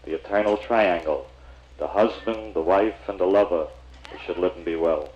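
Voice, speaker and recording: A man's voice: sits low, normal speed, dull audio, background noise. A man doing a stand-up routine, chatting with the audience in a confiding storyteller's manner. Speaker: comedian and emcee.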